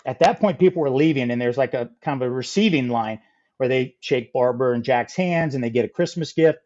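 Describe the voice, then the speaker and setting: A middle-aged man telling a funny story as a podcast guest, lively and acting out the people in it. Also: medium pitch, brisk, highs cut off. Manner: animated, acts out quoted voices. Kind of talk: casual storytelling.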